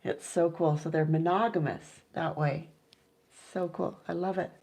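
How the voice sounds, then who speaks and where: A woman's voice: lowish voice, steady tone, measured pace, creaky, mellow, poor audio. A woman chatting casually with her viewers about her pet owl, enthusiastic and full of fillers, now and then imitating owl hoots. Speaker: owl keeper and vlogger.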